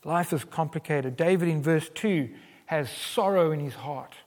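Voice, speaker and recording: Male preacher, fairly high voice, emphatic and earnest, recorded with long hall reverb. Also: measured pace. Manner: earnest, emphatic, with wide swings in loudness. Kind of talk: sermon.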